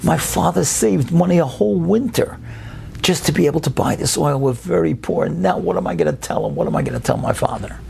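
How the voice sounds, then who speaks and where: A man voicing a poor little boy who is crying in despair, with a wailing, high-pitched and gravelly voice. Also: expressive, brisk, mellow, a little hiss or hum. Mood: distraught.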